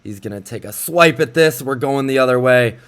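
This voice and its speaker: A young man casually recapping basketball highlights like an excited fan commentator. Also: moderate pace, smooth.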